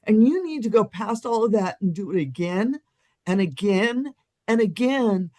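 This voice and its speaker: Blunt co-host, emphatic, swears freely, mid-pitched voice. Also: lively intonation, unhurried, dark tone. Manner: blunt, emphatic, earthy and profane. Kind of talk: live-streamed spiritual discussion.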